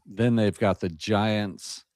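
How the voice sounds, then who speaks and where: Podcast guest: man, lowish voice, joking storyteller, dry mic. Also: fairly even intonation, takes it slowly, a little mellow, no echo. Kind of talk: casual podcast chat.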